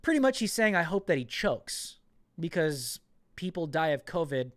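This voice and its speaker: A man's voice: a little high, sing-song, moderate pace, dry recording, studio quality. A man hosting a political commentary podcast, talking in an indignant, emphatic way and often repeating words. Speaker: podcast host.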